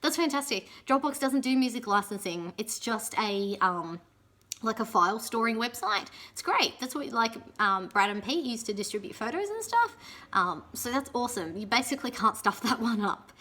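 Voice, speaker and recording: A young woman giving chatty, casual advice in a vlog, often checking in with "yeah?" and filling pauses with "um". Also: on the high side, expressive, bright, forceful tone. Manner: chatty, frequent "yeah?" tag questions and ums. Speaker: pole and aerial competition vlogger.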